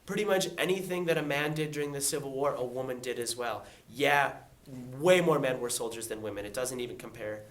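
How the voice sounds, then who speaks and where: A young male teacher giving a casual, jokey test review, lively and fond of acting out quick voices. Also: mid-range voice.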